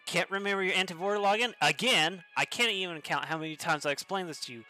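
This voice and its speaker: Sarcastic young office woman, bright and cutting, slow scornful delivery , as a man puts her on. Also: high-pitched, faint music behind. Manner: exasperated, sarcastic reading.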